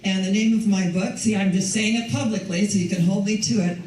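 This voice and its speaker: Older female minister, mellow voice, easy conversational sermon, distant mic in a reverberant hall. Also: medium pitch, fairly even intonation, brisk, a little hiss or hum. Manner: warm, conversational, laughs often. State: recovering from lost voice. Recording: echoey hall from far off.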